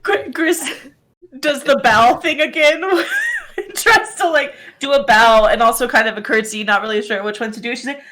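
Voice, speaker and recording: A woman player in a tabletop game, describing her character in a giggly, animated way. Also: sits high, moderate pace. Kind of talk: tabletop role-play.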